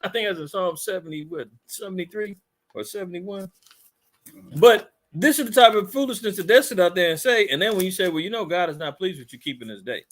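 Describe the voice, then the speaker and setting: A man's voice: high voice, animated, brisk, fairly bright tone. A man leading a conversational Bible teaching, fiery and mocking in a preachy way.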